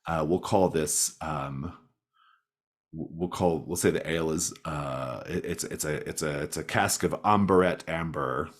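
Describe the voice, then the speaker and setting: A man's voice: rumbling low, unhurried. A man narrating as game master in a playful, hesitant way. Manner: hesitant, playful, many restarts.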